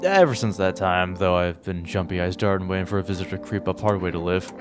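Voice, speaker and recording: A man's voice: low-pitched, quick pace, voice pushed down, close to an everyday voice. A man voicing a gloomy, jumpy male gravedigger who works nights and talks wearily. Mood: weary. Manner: weary, fatalistic. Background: game music.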